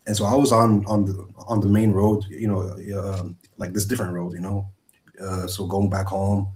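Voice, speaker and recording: Halting, earnest man on a video call. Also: deep voice, little pitch movement, darkish tone. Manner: earnest, halting, many restarts. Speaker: guest. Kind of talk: personal testimony.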